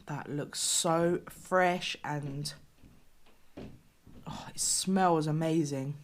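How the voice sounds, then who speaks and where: Woman, British, low-pitched, chatty food vlogger, exclaims and half-whispers, faint background hiss. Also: drawn-out words. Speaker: food reviewer. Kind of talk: casual food review vlog.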